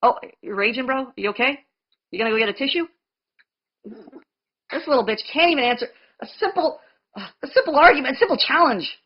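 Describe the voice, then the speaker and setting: A woman's voice: high-pitched, lively intonation, fairly quick, pauses often, husky, lo-fi sound. A woman hosting a heated online debate, aggressive and mocking, hurling insults and talking over her opponent. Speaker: debate host.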